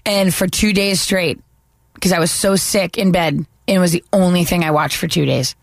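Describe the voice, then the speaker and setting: A woman from the northeastern United States on a casual panel, animated and emphatic. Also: fairly low pitch, moderate pace, vocal fry, dry recording, studio quality. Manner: animated, emphatic, laughs often. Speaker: panel guest.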